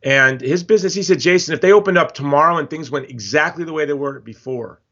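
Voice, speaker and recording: A man's voice: a little high, quick pace, fairly bright tone, highs cut off. A man speaking as a guest in a podcast interview, telling stories with passion and emphatic repetition. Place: Hawaii.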